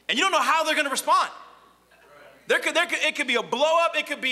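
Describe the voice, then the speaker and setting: Lively high-voiced bright male preacher. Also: quick pace. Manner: animated, conversational, acts out quoted voices. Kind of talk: sermon.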